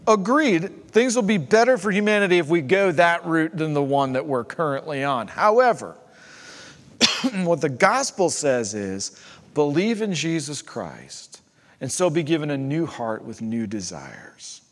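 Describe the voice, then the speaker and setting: A male pastor delivers a sermon from the front, his voice sitting a little higher than most men's. He builds through chains of rhetorical questions and sinks to a near hush on the phrases that matter. The sound rings out with a long hall reverb. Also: very animated, unhurried. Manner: drops to a quiet hush on key phrases.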